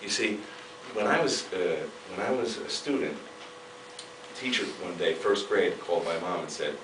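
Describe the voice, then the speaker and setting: A man giving an emphatic motivational seminar talk, swinging from loud bursts to hushed asides, heard from a distance in a large hall. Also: low voice, animated, unhurried, noisy background. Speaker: seminar speaker.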